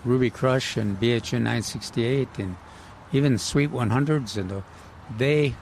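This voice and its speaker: A man co-hosting a casual gardening radio chat, talking haltingly with many fillers and restarts. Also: mid-range voice, a little mellow. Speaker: gardening show co-host. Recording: outdoor nursery with faint noise.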